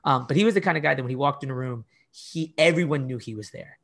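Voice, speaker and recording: Speaking fast in a medium-pitched, fairly bright voice, this middle-aged man is a fitness coach sharing stories on a casual podcast. His delivery is emphatic, and he frequently re-enacts his own past words. He leans on "like" and keeps restarting sentences.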